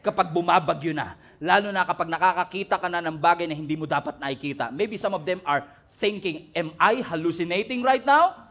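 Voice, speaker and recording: High-voiced Filipino pastor preaching. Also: male voice, quick pace, a bit bright. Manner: playful, jokes and calls the congregation to repeat words. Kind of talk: sermon. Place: church stage before a congregation.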